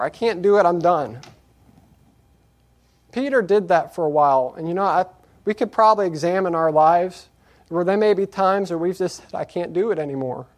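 A man preaching a sermon, moving from quiet reflection to raised, emphatic scripture reading. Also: high-pitched. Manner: earnest, repetitive exhortation.

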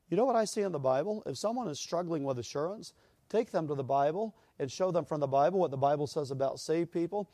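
A man's voice: a little high, animated, fast talker, mellow, dry recording. A man preaching a sermon, telling stories with acted-out voices that build to emphatic peaks. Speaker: pastor.

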